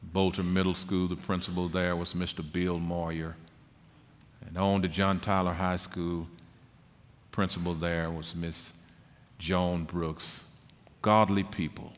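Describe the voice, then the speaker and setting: A middle-aged man preaching a sermon as pastor, slow and emphatic, building to forceful peaks. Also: low-pitched, flat delivery, in a large hall. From Texas.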